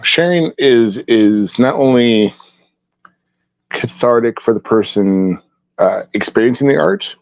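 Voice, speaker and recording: A man's voice: medium pitch, lively intonation, slow, gravelly, no room sound. A man, a guest artist, chatting in an interview and telling rambling stories full of restarts. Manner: rambling, warm storytelling with restarts. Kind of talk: casual interview chat. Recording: dull, dry lo-fi sound.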